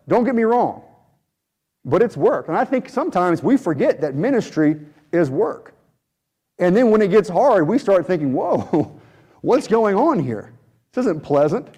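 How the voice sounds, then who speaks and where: A man preaching a sermon as a missionary pastor, earnest and repetitive, with prayerful pauses. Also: high-pitched, dark tone. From United States.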